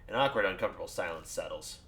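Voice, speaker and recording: A man reading a visual novel aloud as a player, animated and laughing between lines. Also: low voice, rapid-fire, slight background noise. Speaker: game player narrating.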